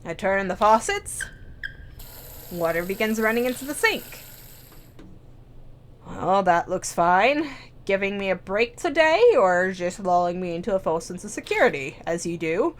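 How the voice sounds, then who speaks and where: A woman's voice: mid-range voice, very animated, unhurried, pauses often. A young woman hosting a let's play, reading a visual novel aloud with wry, joking asides.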